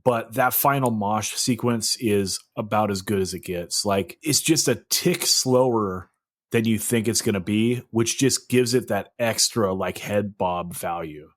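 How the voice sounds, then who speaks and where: A man's voice: lowish voice, measured pace. A man hosting a music podcast, chatting enthusiastically with casual swearing and many fillers. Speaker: podcast host. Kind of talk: casual chat.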